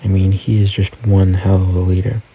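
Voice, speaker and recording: A man's voice: deep voice, flat delivery, fairly quick, mellow, husky, lo-fi sound. A man hosting a casual news recap, talking through events and reading quotes aloud. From United States. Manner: conversational, reads quotes aloud.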